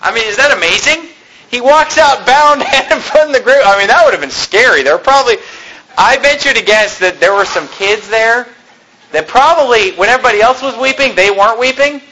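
Guy preaching a sermon, really high bright voice, chatty retelling of the bible story, lots of "can you imagine". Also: lively intonation, brisk, low-quality recording. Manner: retells scripture in plain conversational terms, rhetorical questions.

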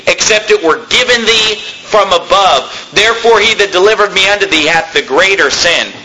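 Preacher, male, high and bright-toned, reads scripture then explains it casually, faint hiss behind. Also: moderate pace, poor audio. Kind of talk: sermon with scripture reading.

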